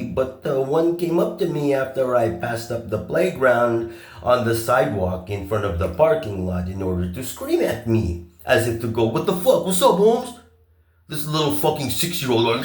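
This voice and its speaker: A man talking in a long, rambling monologue. He swears a lot, turns sarcastic, and stops often on filler pauses. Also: mid-range voice, echoey room. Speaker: vlogger.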